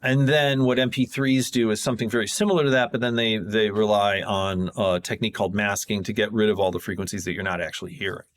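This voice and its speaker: A man's voice: fast talker, few pauses. A man on a podcast as a guest sound designer, casually explaining technical ideas in a rambling, self-correcting way. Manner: rambling, self-correcting, jumps in pitch when excited.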